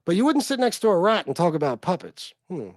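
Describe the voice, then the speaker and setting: A man with a notably high voice hosts a casual livestream. He reacts with profane, exasperated disbelief. The sound is dry, with no room echo. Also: very animated, quick pace. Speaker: livestream host.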